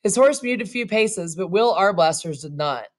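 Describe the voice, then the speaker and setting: A woman's voice: mid-range voice, animated, normal speed. A woman narrating a western short story aloud, breaking off for casual asides. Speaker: reader and narrator.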